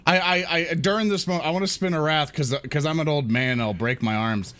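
A man's voice: on the high side, a little fast, fairly bright tone. A man playing a tabletop game, brash and profane as he acts out his character. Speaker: player. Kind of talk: tabletop role-play.

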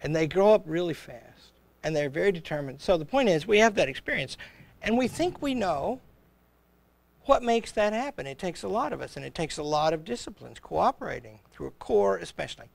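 Here an older college president talks casually on a livestream at a fairly quick pace, his creaky, high voice making big pitch swings, with no echo. He's a rambling storyteller who chuckles and acts out quoted exchanges and the voices in his anecdotes.

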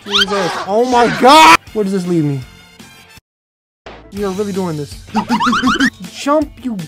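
A young man in his twenties giving crude, joking, excitable let's-play commentary. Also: sits high, slow. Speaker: gaming YouTuber. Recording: game music behind.

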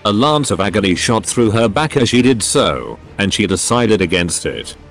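Synthetic male story narrator, lowish and lively in pitch, with faint music under it. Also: normal speed.

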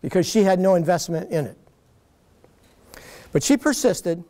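A man giving a public lecture, telling stories in an animated way and mocking the critics he quotes. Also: high voice, moderate pace. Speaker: guest lecturer. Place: lecture hall.

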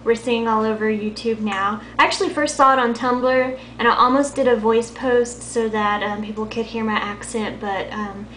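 Quiet high-voiced young Texan woman. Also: steady tone, normal speed, few pauses, a little hiss or hum. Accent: light Texan. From Texas. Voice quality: high-pitched. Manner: soft-spoken, quiet. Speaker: vlogger. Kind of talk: casual chat to camera. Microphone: built-in camera mic. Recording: echoey room.

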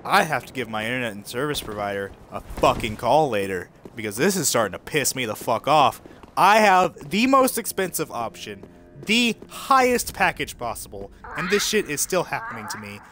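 A young man streaming gameplay commentary, frustrated and swearing, with sudden shouts. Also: mid-range voice, very animated, normal speed, faint music behind.

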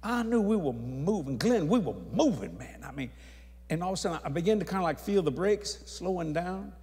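A man preaching in a folksy, lively storytelling manner. His voice sits a little high for a man, and it rings out with a long hall reverb behind it. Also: a little fast. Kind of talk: storytelling sermon.

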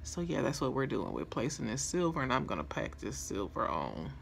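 A makeup vlogger talks her way through a tutorial, playful and chatty, calling her viewers y'all and chuckling along. Her mid-range voice is gravelly and fairly quick, with big pitch swings and a little hiss or hum behind it.

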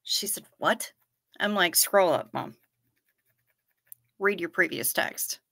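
Slow-talking bright-voiced woman livestreamer. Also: on the low side, vocal fry. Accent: Midwestern American. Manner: gushing, playful, laid-back. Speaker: livestream host. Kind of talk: casual chat reading viewer comments.

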